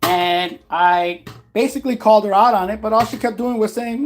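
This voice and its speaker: A man's voice: high-pitched, fairly even intonation, normal speed. Blunt, profane man giving a pep talk. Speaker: vlogger. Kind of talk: casual livestream pep talk.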